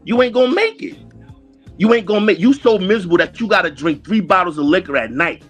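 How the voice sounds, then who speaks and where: A husky-voiced middle-aged man hurls repetitive insults at a rival on a live stream call. His pitch swings widely as he hammers the same phrases again and again, with faint music playing underneath. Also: animated, fast talker. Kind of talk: heated trash-talk argument on a live stream.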